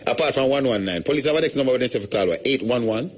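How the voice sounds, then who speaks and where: In a mid-range, expressive voice, a middle-aged Jamaican man fires off casual radio talk at high speed. He hosts the show in a rambling storytelling style, sprinkled generously with patois.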